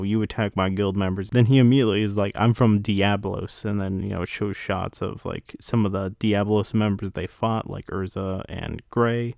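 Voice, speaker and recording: A man's voice: fairly low pitch, creaky, darkish tone, no room sound, studio quality. A young man casually recapping a manga chapter, chatty and full of fillers, acting out the characters' lines in passing. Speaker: manga reviewer.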